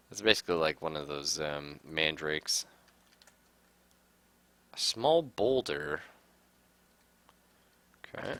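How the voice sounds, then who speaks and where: A man's voice: a bass voice, fairly bright tone, dry recording. A man casually commenting on a game he is playing, reading its text aloud and reacting with sudden outbursts and swearing. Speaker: gaming streamer. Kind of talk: casual let's-play commentary.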